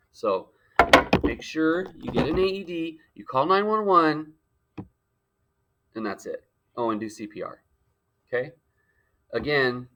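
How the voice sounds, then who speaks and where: A man's voice: mid-range voice, bright, forceful tone. A male teacher giving a playful lecture with frequent joking asides. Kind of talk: jokey classroom lecture.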